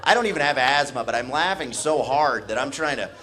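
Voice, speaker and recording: A man's voice: mid-range voice, animated, a little fast, pushed and bright. A man from the American Midwest doing stand-up comedy, telling a story with laughter and sound effects on a comedy stage.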